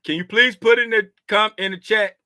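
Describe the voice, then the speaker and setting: A man's voice: high-pitched, fairly even intonation, moderate pace, sharp tone, no echo. A man in his fifties hosting a casual trading livestream, joking and slangy and laughing often. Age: 50s.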